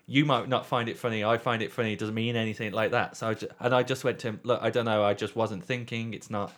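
A man in a casual podcast chat, telling a long story with swearing and deadpan readings. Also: lowish voice, quick pace.

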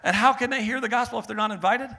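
Young man preaching, bright voice, animated, swings between loud and hushed. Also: extremely high pitch, very fast, gravelly. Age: young adult. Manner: animated, laughing, builds to loud peaks then drops to soft earnest tone. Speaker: pastor. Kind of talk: sermon.

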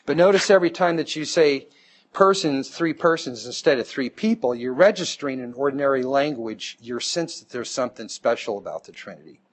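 A man teaching a Bible class, explaining step by step and checking in with the class as he goes. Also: mid-range voice. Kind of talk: classroom lecture.

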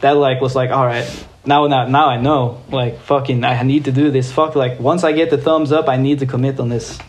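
A young skateboarder from Norway, speaking at normal speed in a mid-range voice, tells a story as a guest, excited and relaxed, with frequent swearing and fillers.

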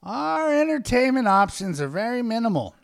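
A man's voice: very high-pitched, big pitch swings, moderate pace, vocal fry, clear, resonant tone, pitched above the performer's own voice, heavily acted. Man playing a sly, wheedling dwarf. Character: lecherous little male dwarves, sly and eager.

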